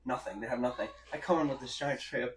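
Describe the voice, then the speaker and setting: A man's voice: mid-range voice, slight background noise. A man hosting a casual interview, eagerly agreeing and chiming in with his own stories. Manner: eager, quick to agree and chime in. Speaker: interview host. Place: comedy club.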